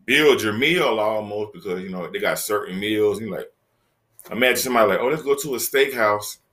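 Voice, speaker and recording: Low-voiced man joking in slang. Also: fairly bright tone. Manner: loose, joking, talks straight to listeners with slang. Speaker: podcast host. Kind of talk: casual solo podcast talk. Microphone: laptop setup, talking to camera.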